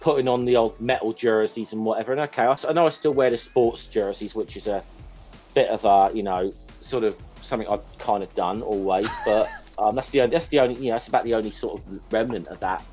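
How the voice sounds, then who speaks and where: A man's voice: fairly low pitch, quick pace, darkish tone, soft background music. A man in casual group chat on a call, rambling and hesitant, swearing now and then. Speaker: podcast guest.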